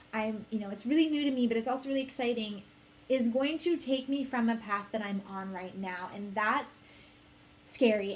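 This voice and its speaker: Candid young woman musing aloud. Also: on the high side. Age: 20s. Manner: candid, rambling, quotes others in her own voice. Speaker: host. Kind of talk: casual unscripted monologue.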